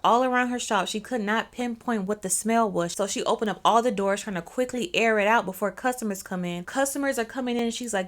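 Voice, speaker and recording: A woman's voice: on the high side, a little fast, hardly any pauses. A young woman telling a story in a casual, chatty way, with slangy asides to her viewers. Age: young adult. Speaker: storyteller host.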